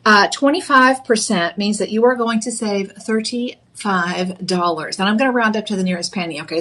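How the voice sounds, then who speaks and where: A woman's voice: mid-range voice, fairly bright tone. Chatty Texan woman selling jewelry live. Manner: chatty, upbeat sales patter with fillers. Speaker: shopping channel jewelry host. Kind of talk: live shopping presentation.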